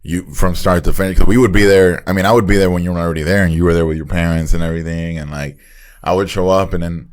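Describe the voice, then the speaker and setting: A man's voice: deep voice, fast talker. A man co-hosting a podcast, chatting casually with lots of fillers. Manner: relaxed, filler-heavy. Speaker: podcast co-host, DJ. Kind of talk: casual chat.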